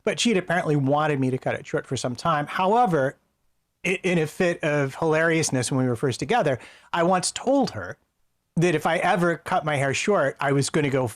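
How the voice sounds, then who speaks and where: A man chatting casually from home, with a measured, wry sense of humor. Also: a little high, no room sound. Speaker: podcast co-host. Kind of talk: casual chat.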